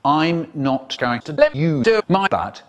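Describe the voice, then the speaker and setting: A man's voice: a little high, big pitch swings, unhurried, lo-fi sound. A man voicing a bossy middle-aged mother, shrieking and scolding in a cut-up storybook reading. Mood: furious. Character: furious shrill bossy mum, middle-aged woman.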